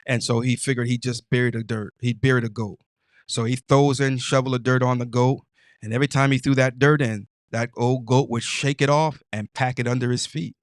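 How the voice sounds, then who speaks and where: A man's voice: mid-range voice, flat delivery, fairly quick, no room sound, clean studio sound. A man hosting his own show, talking in a casual, emphatic and preachy way with stammering restarts. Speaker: host. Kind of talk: casual motivational monologue.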